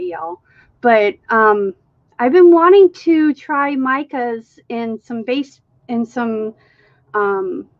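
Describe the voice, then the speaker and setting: A woman from Minnesota with a Minnesotan accent, chatting excitedly on her art live stream and calling everyone dude. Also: a little high, no room sound, muffled recording. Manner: chatty, excitable, says dude and y'all often. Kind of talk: casual live stream chat.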